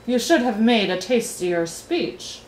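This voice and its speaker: A woman's voice: on the high side, expressive, slow pace, slight background noise. A woman doing a bossy, snappish old king. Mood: gruff. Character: pompous, short-tempered male king. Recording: roomy echo.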